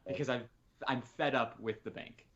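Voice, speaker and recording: A man's voice: medium pitch, a bit bright, highs cut off. A man co-hosting a podcast, reacting and laughing in casual chat. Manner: laughs a lot, quick reactions. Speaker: podcast co-host.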